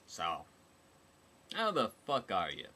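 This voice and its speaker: A man voicing a brash, crude, foul-mouthed soldier woman in a storybook reading, loud and sarcastic. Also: sits low, huge pitch swings, slow pace, full character voice.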